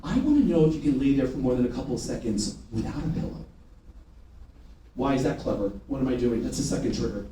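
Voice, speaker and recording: A man's voice: medium pitch, fast. A man running a live sales training, firing rhetorical questions and getting the room to repeat after him. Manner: energetic, rhetorical questions, call-and-response with the room. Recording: echoey room from far off, faint noise.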